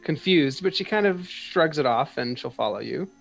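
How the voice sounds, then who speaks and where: A man's voice: on the high side, expressive, moderate pace, gravelly, soft background music. A man narrating a tabletop game as game master, hesitant and full of fillers.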